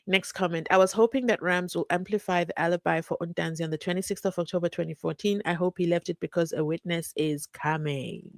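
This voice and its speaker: A woman's voice: fairly low pitch, fairly even intonation, fairly quick, hardly any pauses, dry recording. A woman hosts a live stream, reading out chat comments and telling stories in a chatty, teasing way. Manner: chatty and playful, teasing, laughing at her own jokes. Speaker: livestream host.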